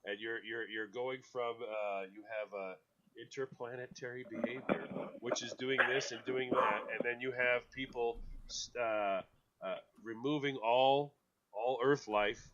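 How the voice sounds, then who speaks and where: A man hosting a talk radio show in casual chat, animated, with stammered restarts, who mimics other people in quotes. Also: mid-range voice, measured pace, slight background noise. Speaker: radio host. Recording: dull lo-fi radio audio.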